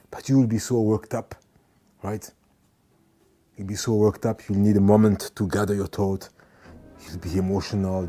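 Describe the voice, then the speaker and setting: A man giving an earnest motivational talk, repeating his points and now and then acting out angry people. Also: lowish voice. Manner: earnest, repeats phrases, acts out shouting people. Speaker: motivational speaker.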